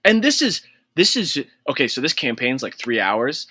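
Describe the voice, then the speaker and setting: Bright-voiced man ranting about a game. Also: mid-range voice, sing-song, moderate pace, no echo. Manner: exasperated, profane ranting. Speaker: podcast co-host. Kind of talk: casual gaming podcast chat.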